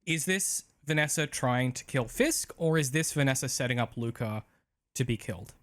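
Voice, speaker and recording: Man, podcast co-host, casual chat, lots of ums, drifts quieter at line ends. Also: mid-range voice, expressive, normal speed. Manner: chatty, many ums, trails off softly.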